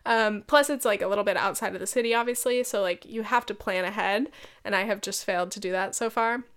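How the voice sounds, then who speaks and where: A woman's voice: medium pitch, a little fast, a bit bright, clean tone. A young woman hosting a solo podcast, chatting casually with lots of fillers, swearing and laughing often. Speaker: podcast host.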